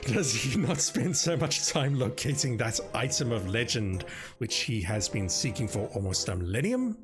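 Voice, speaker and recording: A man's voice: medium pitch, very animated, normal speed, close to an everyday voice. A man voicing a scheming evil male wizard, reading a letter with theatrical pomp over game music.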